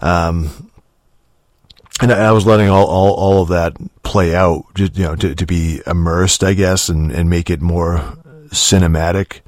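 Low-voiced rambling, swearing man. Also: fairly even intonation, unhurried, a little mellow, no room sound. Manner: rambling, profane, many restarts and fillers. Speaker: game reviewer. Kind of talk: casual spoken game review.

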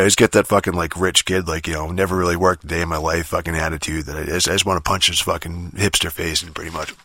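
A man hosts a solo podcast, rambling through a casual rant full of heavy swearing, ums and restarts. His voice is low-pitched, pushed and bright, with no echo.

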